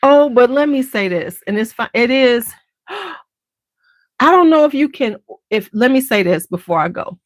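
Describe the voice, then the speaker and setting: A woman with a Chicago accent hosting a beauty channel, chatting casually to her viewers in an animated, sassy way and jumping into high, exaggerated quoted voices. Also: normal speed, long pauses, no echo. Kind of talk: casual chat to camera.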